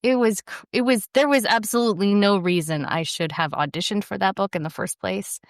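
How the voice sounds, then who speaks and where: A woman's voice: mid-range voice, fairly quick, dry recording, clean studio sound. A young adult woman, an audiobook narrator, chatting casually in an interview and rambling with lots of fillers. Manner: rambling, lots of fillers, self-deprecating laughs.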